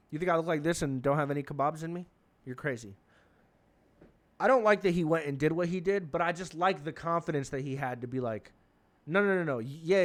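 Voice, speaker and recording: A young man hosting a comedy podcast, rambling through an excitable, profane monologue. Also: fairly high pitch.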